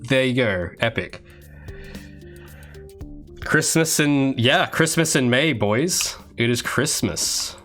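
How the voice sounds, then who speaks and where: A man's voice: mid-range voice, lively intonation, slow pace, long pauses, fairly bright tone, faint music behind. A man, a game developer, chatting casually with viewers on a live stream while he works, rambling with restarts and asides. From Australia. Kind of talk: casual livestream chat while working.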